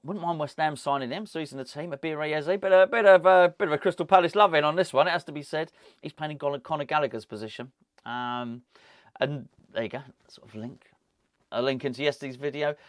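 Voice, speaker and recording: A man's voice: fairly high pitch, a little fast, no echo, clean studio sound. A man hosting a football fan channel, talking casually to camera with wry, rambling asides.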